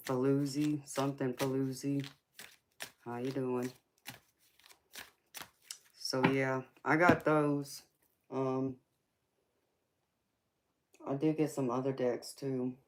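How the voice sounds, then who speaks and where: Southern woman, low voice, sassy drawl, livestream tarot host chatting with viewers. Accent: Southern American. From American South. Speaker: tarot reader hosting a livestream. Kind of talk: casual livestream chat with viewers.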